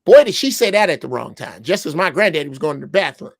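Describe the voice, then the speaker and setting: A man's voice: a little high, very animated, fast, gravelly, dry recording, clean studio sound. A man in his sixties from Chicago, telling a story on a podcast in a blunt, profane way. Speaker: podcast panelist. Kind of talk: casual chat.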